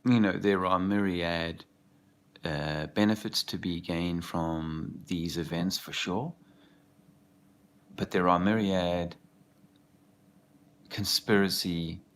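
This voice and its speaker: A man's voice: low voice, steady tone, slow, long pauses, a bit bright. A man talking in a rambling casual monologue as an activist video host, often losing his thread.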